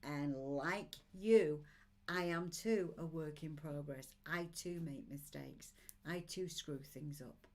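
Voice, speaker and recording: A woman's voice: low voice, fairly even intonation, measured pace. A woman in her sixties, an oracle card reader on a live stream, encouraging her viewers in an upbeat way and reading out their comments. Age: 60s.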